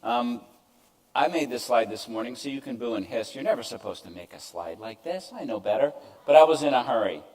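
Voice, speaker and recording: A man's voice: medium pitch, expressive, brisk, a little mellow, poor audio. An older man giving a conference presentation to an audience, conversational with self-deprecating asides. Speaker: keynote speaker. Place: event stage before an audience.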